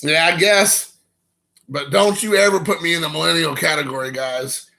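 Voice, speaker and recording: A man's voice: fairly high pitch, normal speed, creaky, pushed and bright. A man, hosting a rambling, joking live stream and chatting with viewers. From Kentucky. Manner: rambling, joking, reading chat aloud.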